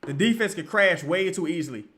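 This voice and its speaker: Excitable man yelling through a live game. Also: high voice, brisk. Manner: excitable, profane, yells at plays. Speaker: live-reaction streamer. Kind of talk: live game watch-along commentary.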